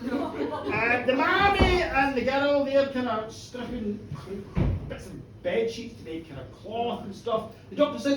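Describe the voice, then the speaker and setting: A storyteller telling a comic horror tale live to a pub audience, animated and teasing the listeners. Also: high voice, takes it slowly, a crowd in the background. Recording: echoey pub room, distant mic.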